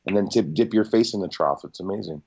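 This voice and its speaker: A man's voice: deep voice, quick pace, a little mellow, breathy edge, lo-fi sound. A man chatting on a comedy podcast, rambling and laughing as he tells a story. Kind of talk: casual comedy chat.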